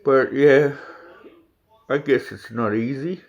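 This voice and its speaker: A man's voice: medium pitch, steady tone, slow pace, gravelly, highs cut off. A man, a channeller, musing hesitantly in a reflective spiritual monologue.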